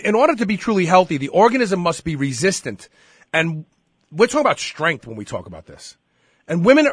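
A man's voice: on the high side, a bit bright, husky, dry recording, clean studio sound. A man hosting a radio talk show, speaking emphatically with fillers and restarts.

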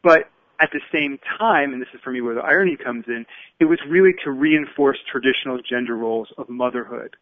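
Male phone-in guest, measured and halting, tinny phone-line audio, dry. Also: medium pitch, no room sound. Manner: thoughtful, stammering restarts. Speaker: guest expert. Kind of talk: radio interview.

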